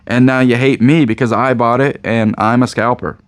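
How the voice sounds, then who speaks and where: A man's voice: mid-range voice, fairly even intonation, moderate pace, no room sound. A man with a Midwestern American accent, a card shop owner rambling casually to camera, joking and repeating himself. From Indiana, USA.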